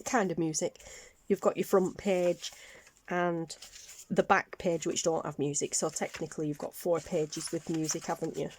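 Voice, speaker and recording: A woman's voice: deep voice, level tone, normal speed, darkish tone, slight background noise. A woman with a Northern English accent, chatting casually through a craft show-and-tell, rambling with lots of ums and little self-corrections. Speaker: craft vlogger.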